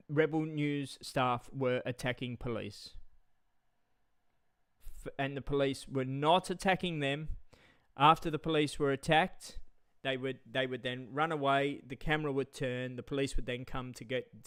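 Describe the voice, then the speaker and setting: A man's voice: mid-range voice, fairly even intonation, normal speed, fairly bright tone, smooth, dry recording, clean studio sound. Heated ranting man. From Australia. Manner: heated, swearing, stammering repetitions. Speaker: live streamer. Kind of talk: angry livestream rant.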